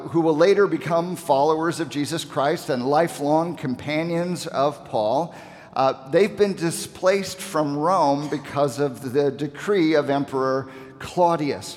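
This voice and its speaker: A man's voice: on the high side, long reverb tail. A man preaching an expository sermon, explaining the text and asking his listeners rhetorical questions.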